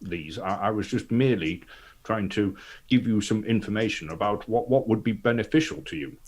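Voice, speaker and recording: A man's voice: lowish voice, normal speed, a little mellow. A man playing a pedantic, tech-minded hero who stammers and lectures in a formal way. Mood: earnest.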